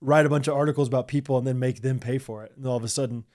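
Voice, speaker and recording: A man's voice: medium pitch, fairly even intonation, very fast, a little mellow. A man co-hosting a podcast in casual chat, joking and laughing easily. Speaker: podcast co-host.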